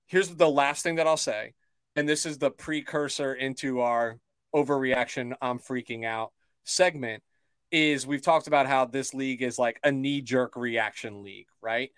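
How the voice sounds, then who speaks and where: A man co-hosting a casual sports talk show, measured and cautious, with lots of fillers like "right?". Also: mid-range voice, fairly bright tone, smooth, dry recording. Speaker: podcast co-host.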